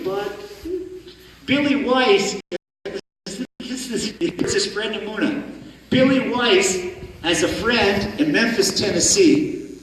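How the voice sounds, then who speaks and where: A man's voice: sits high, a little hiss or hum. A man, a rabbi, giving a storytelling sermon and acting out the voices of the people in his story. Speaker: rabbi lecturing. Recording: echoey hall, mic far off.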